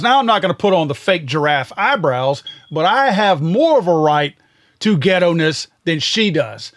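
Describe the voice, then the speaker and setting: A man's voice: sits high, fairly bright tone. A man from Louisiana hosting a podcast, giving blunt and sarcastic political commentary. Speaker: podcast host.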